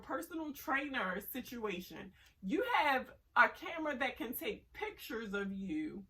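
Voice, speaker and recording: A woman's voice: a little high, bright, forceful tone, far from the mic, rough recording. A woman giving a blunt, sassy casual review commentary on a reality show.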